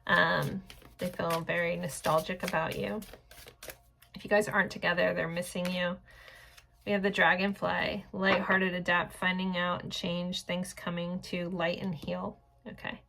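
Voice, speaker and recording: A woman in her forties talks through a tarot reading in a loose, rambling way, full of "like" and "um". Her voice sits fairly low and has a gravelly, fried edge. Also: level tone, unhurried, bright, forceful tone, slight background noise. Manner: rambling and chatty, with filler words and light laughs. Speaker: tarot reader. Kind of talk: casual pick-a-card tarot reading.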